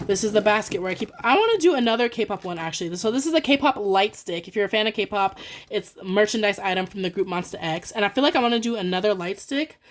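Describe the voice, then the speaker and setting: A young woman chatting excitedly and quickly through a budgeting vlog, full of fillers and counting out cash. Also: medium pitch. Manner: fast, excited, rambling with many "like" fillers. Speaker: budgeting vlogger. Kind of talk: casual chatty voice-over while cash stuffing.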